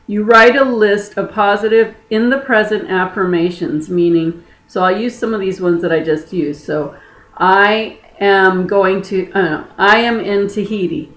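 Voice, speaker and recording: A woman spiritual healer teaching manifestation in a video, talking with growing enthusiasm and breaking into excited whoops. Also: mid-range voice. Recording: roomy echo.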